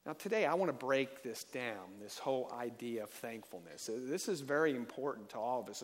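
Emphatic preacher in an echoing church. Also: male voice, mid-range voice. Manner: emphatic, calls for amens. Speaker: pastor. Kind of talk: sermon. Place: church sanctuary.

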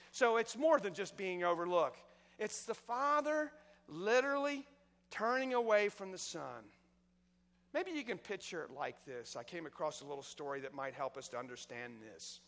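Impassioned male preacher, high-pitched, long church-hall reverb. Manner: impassioned storytelling, swinging between loud and hushed. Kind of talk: sermon.

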